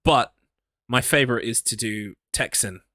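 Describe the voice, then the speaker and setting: An English man live-streaming a game, chatting loosely and mocking himself as he reads his chat. His voice is bright and forward, with a middle pitch. The sound is dry and close to the mic. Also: moderate pace, no room sound. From England. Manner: rambling, self-mocking, talks to himself.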